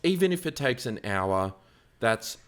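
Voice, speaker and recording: A man's voice: medium pitch, unhurried. A man co-hosting a casual podcast, telling stories and acting out the people in them. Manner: animated storyteller, acts out quotes loudly. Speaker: podcast co-host.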